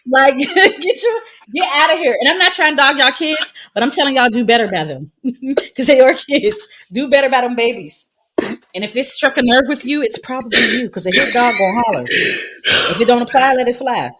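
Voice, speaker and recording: A woman's voice: fairly high pitch, a bit bright, a little hiss or hum. A woman in her thirties co-hosting a podcast, telling a story in a sassy, emphatic way and laughing often. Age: 30s. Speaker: podcast co-host. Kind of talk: casual chat.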